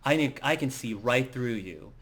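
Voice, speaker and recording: A man voicing a stern, irritable young female mage in a tabletop role-play, talking in a sharp, clipped, demanding way. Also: mid-range voice, very animated, unhurried. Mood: furious.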